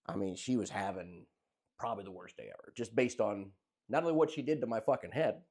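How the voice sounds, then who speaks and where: A man co-hosting a casual podcast, telling a rambling, animated story and swearing freely. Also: fairly low pitch, a little fast, husky. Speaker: podcast co-host. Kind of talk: casual chat.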